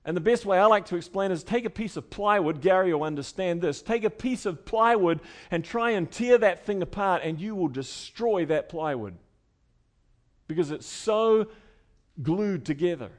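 A man preaching a sermon in a conversational way, dropping to soft asides and rising to loud, emphatic stretches. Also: high voice, moderate pace. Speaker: pastor.

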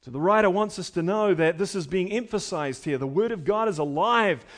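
A man's voice: sits high, brisk. A middle-aged man preaching a sermon as pastor, emphatic and building with repeated phrases.

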